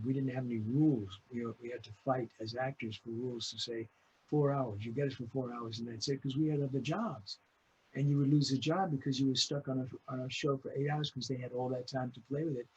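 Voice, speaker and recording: Older man, veteran voice actor, lively storyteller, middle pitch, faint background hum. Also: a little fast, muffled recording. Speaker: guest voice actor. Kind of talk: recalled anecdotes in interview.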